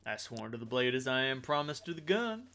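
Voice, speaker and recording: A man's voice: mid-range voice, very animated, a little fast, pushed and bright. Drawling man playing a tabletop game. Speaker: game master voicing a character. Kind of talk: in-character tabletop role-play.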